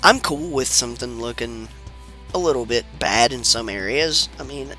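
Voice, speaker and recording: A man's voice: mid-range voice, moderate pace, pushed and bright, soft background music. Laid-back man rambling over game credits. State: sounds sick. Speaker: let's play commentator. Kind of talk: rambling gameplay commentary.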